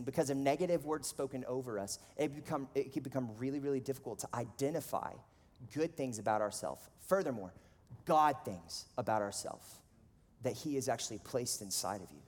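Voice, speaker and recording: Male pastor, 30s, mid-range voice, relaxed conversational preaching, big reverberant church hall. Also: medium pitch. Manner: casual, conversational, animated storytelling with frequent "like". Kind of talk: sermon. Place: church auditorium. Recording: long reverb of a large hall.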